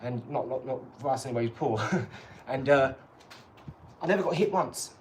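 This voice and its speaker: A man's voice: medium pitch, expressive, moderate pace, slight background noise. A man, hosting a live stream, chatting in a rambling, boastful way, laughing at himself and sliding into boxing tips. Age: 40s. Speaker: channel host.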